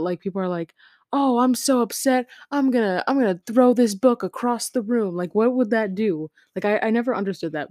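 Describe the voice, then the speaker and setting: A woman's voice: fairly low pitch, mellow, no echo, studio quality. A tired teenage girl hosting her own podcast from her bed at home, rambling casually with lots of fillers and giggles. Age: teens. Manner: rambling, giggly, many fillers and self-interruptions. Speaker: podcast host. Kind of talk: casual chat. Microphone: home podcast mic.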